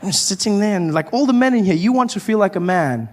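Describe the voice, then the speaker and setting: A man from doing stand-up comedy, telling stories in an animated way and acting out scenes with loud outbursts. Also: high voice, quick pace, a little hiss or hum. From South Africa.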